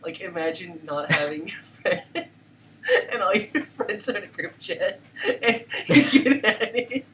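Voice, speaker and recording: Woman, animated voice chat friend, slow delivery, sounds off-mic with noise behind. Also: on the low side. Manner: animated, laughing reactions. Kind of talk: casual voice chat. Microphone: computer mic in a voice chat.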